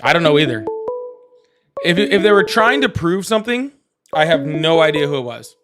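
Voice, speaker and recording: A man hosting a live political call-in stream, excitable and chatty, laughing often and thanking viewers at length. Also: fairly high pitch, normal speed, over music. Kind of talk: casual live-stream chat.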